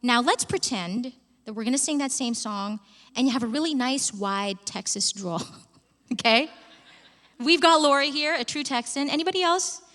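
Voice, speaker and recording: High-voiced woman vocal coach, expressive, talking to a live crowd in a reverberant hall. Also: normal speed. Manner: expressive and chatty, addresses the room. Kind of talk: live workshop teaching. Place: conference hall with live audience.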